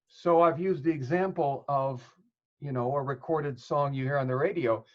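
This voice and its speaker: A man with a somewhat high voice, explaining things patiently as a therapist in an interview. He builds his points with examples and plays out bits of dialogue. The audio is dull and lo-fi. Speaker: psychotherapist guest.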